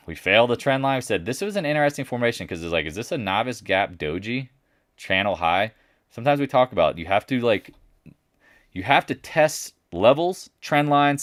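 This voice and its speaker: A market commentator runs a live market chat, blunt and brash, lurching between loud remarks and muttered asides. When he quotes others, he mocks them in a higher voice. The sound is studio quality with no room sound.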